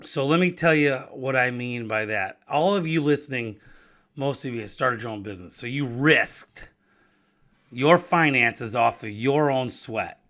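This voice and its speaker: Speaking a little slowly in a medium-pitched, fairly bright voice, a fifties-aged podcast host and business owner from Wisconsin talks casually by himself about business risk. He's chatty, keeps restarting and repeating words, and laughs between ideas.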